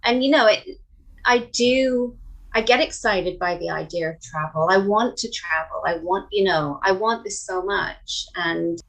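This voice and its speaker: A woman's voice: mid-range voice, unhurried, a bit bright, rough recording. A woman talking as a podcast guest in casual chat, hesitant and earnest, restarting her sentences often.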